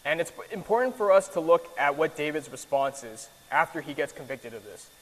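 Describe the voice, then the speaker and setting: A man with a fairly high voice gives a conversational sermon from slides, earnest and casual, dotted with fillers and restarts. His voice rings out with a long reverb, as if spoken in a large hall. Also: fairly quick. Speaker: preacher teaching a Bible lesson.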